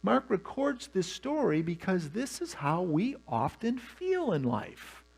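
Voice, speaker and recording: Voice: mid-range voice, big pitch swings, slow, gravelly, a little mellow. A pastor preaching a sermon, telling the story with humor and animation.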